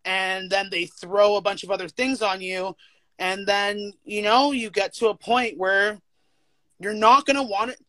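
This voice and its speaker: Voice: mid-range voice, steady tone, measured pace, bright, forceful tone, no room sound. A teacher as a guest in a casual chat, talking candidly with frequent swearing and filler words. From United States.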